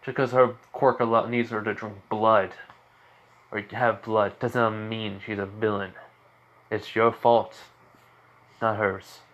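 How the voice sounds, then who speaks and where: A man voicing a calm, protective teenage boy hero in an improvised fan story, speaking low, steady and firm. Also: slow pace, long pauses, dull audio. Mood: stern.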